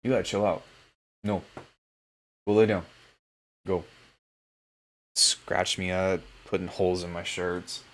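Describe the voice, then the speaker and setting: A man hosting a live stream from home as a music producer, chatting casually in a relaxed, joking way. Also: low voice, takes it slowly, long pauses, a little hiss or hum. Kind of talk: casual livestream chat.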